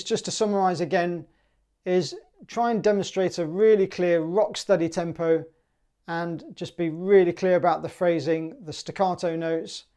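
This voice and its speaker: A man with a British accent teaching a clarinet piece in a relaxed, chatty way, sometimes singing the rhythms in syllables. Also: high voice, clear, resonant tone. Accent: British English. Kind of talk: relaxed music tutorial.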